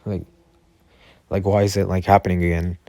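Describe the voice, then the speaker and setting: A man's voice: low voice, level tone, moderate pace, warm tone, dry recording. A man voicing a nervous teenage boy hero, hesitant and questioning, with many fillers. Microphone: Discord voice chat.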